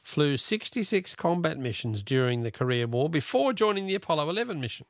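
A man's voice: a little high, very animated, brisk, no echo. A middle-aged Australian man hosting a talkback radio quiz, chatty and joking with callers. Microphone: studio microphone.

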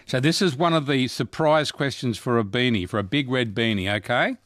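An Australian man hosting a talkback radio quiz, chatty and quick to cheer callers on with sudden bursts of excitement. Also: no room sound, clean studio sound. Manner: chatty, jumps to high excited pitch when cheering callers. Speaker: radio host. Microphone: studio microphone.

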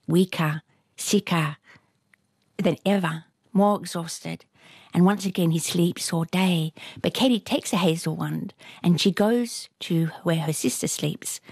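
A woman retelling a folktale aloud in a lively, rhythmic way, with a husky voice. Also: lowish voice, dry recording. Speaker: storyteller. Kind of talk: oral folktale telling.

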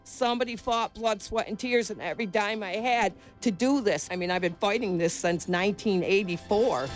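An older woman from the United States, a former amateur boxer being interviewed, telling her story in an earnest, halting way and repeating herself when moved. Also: medium pitch, faint music behind. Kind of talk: emotional personal recollection.

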